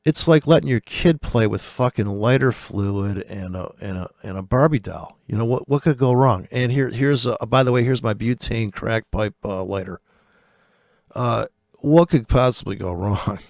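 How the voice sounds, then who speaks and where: A man's voice: mid-range voice, normal speed, vocal fry, a little mellow, no echo, studio quality. A trader ranting over live charts, profane and sarcastic as he mocks other traders.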